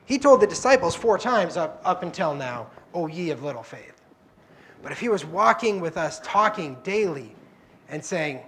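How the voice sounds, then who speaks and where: A man's voice: sits high, slight background noise. Conversational man preaching a sermon. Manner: conversational, acts out quoted prayers and dialogue. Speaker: guest preacher. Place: church.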